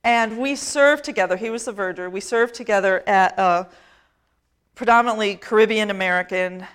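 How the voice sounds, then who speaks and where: A middle-aged woman priest preaching a conversational sermon, self-deprecating and often laughing. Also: medium pitch.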